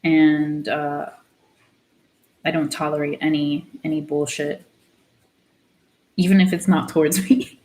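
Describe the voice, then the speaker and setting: A woman's voice: low-pitched, flat delivery, slow, long pauses, mellow, low-quality recording. A young woman artist chatting while she paints, ranting bluntly with lots of swearing and the odd Spanish phrase. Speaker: artist vlogger. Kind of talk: casual chat while painting.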